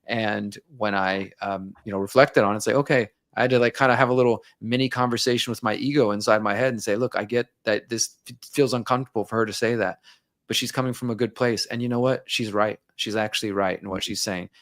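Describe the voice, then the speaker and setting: A man's voice: on the low side, steady tone, fast talker, a bit bright, dry recording. Candid, reflective man in a dry room. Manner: reflective, openly personal, acts out his own inner dialogue. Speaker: interview guest. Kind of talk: candid conversational interview.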